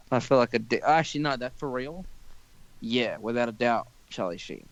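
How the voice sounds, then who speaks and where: A young man with a gravelly, creaky voice hosts a loose podcast chat, rambling and swearing freely as he stops and restarts his thoughts. His voice sits at a middling pitch and sounds close and dry, with no room echo. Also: measured pace, muffled recording. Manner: rambling, profane, restarts often. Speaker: podcast host.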